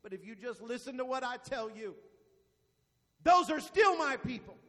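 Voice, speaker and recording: The voice of God, calm, low and slow, acted out by a man in the middle of a sermon. It sounds bright, with a long church reverb behind it. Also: heavily acted. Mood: solemn. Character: God, a calm male divine voice.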